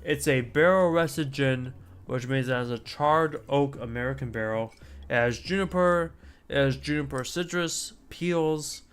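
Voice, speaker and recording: A man's voice: medium pitch, a little slow, clear, resonant tone. A man streaming a casual chat, talking in a rambling, chatty way with asides and mild swearing.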